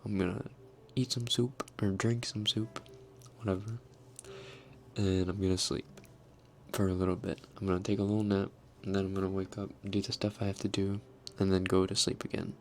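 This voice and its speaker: A young man hosting an ASMR livestream, reading chat in a soft, often whispered voice and chuckling as he tries out foreign words. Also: sits low, flat delivery, normal speed, vocal fry, a little hiss or hum. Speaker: livestream host.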